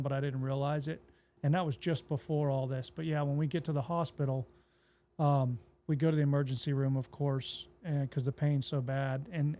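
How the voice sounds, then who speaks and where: A man, a pastor, telling his own story in a relaxed, plainspoken way on an interview podcast and acting out what people said to him. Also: fairly high pitch, gravelly. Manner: relaxed, plainspoken retelling that acts out quoted dialogue.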